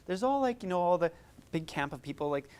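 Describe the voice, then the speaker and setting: Music therapist, live workshop coaching, encouraging, chatty, very lively pitch. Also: quick pace, clear, resonant tone. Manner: animated, encouraging, chatty asides.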